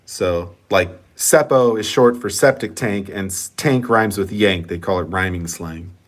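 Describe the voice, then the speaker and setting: A man's voice: deep voice, a little slow. A man chatting casually in a vlog, reading viewer comments and swearing freely while he rambles. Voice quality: profane, rambling, laid-back. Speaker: channel host.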